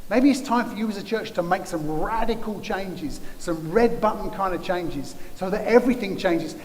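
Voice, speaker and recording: Guy preaching in a church, kinda high voice, punchy and repetitive, big hall echo and a bit of hiss. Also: darkish tone. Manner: emphatic, builds with repeated phrases. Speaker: guest preacher. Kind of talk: sermon. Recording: long church-hall reverb, faint noise.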